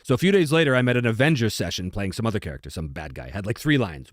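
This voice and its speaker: A man's voice: fairly low pitch, quick pace, no echo, clean studio sound. A man hosting a livestream as a voice actor, chatting casually and telling stories with easy laughter. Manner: lively storyteller who laughs easily. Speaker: voice actor and streamer host.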